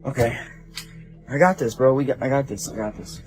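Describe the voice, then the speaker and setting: A man's voice: mid-range voice, a little fast, darkish tone, faint music behind. A frightened young man, a night shift store clerk, filming himself on his phone inside a small shop, swearing and calling everyone bro. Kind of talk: self-filmed phone video. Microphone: handheld phone.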